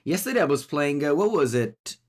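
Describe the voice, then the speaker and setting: Lively Italian-accented man streaming a game. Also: fairly high pitch, fairly quick. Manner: animated, chatty, talks to himself and chat. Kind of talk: live gameplay commentary.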